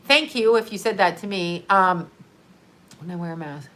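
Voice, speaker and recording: A woman's voice: fairly low pitch, moderate pace. Sarcastic woman ranting on a live stream. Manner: animated, sarcastic, laughs often. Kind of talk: casual live-stream rant.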